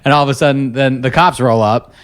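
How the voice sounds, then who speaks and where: A man's voice: medium pitch, fast talker, clean tone. A man telling a long story in a casual podcast chat, rambling and laughing as he goes. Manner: rambling, laughing, full of restarts.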